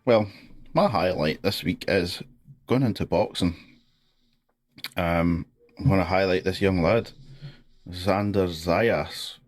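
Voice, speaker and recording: A man's voice: low-pitched, takes it slowly, pauses often, faint music behind. A Scottish man co-hosting a casual sports podcast, talking in a laid-back, hesitant way with many fillers. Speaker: podcast co-host.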